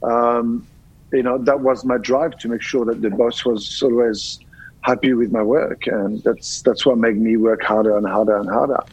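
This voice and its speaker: Husky French-accented man telling stories. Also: medium pitch, moderate pace, poor audio. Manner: animated storyteller, repeats words while searching. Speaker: guest chef. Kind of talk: casual interview conversation.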